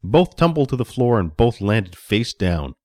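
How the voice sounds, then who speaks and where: Expressive male storyteller, dry recording. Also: lowish voice, a little slow, dry recording. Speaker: narrator. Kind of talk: reading a children's story aloud.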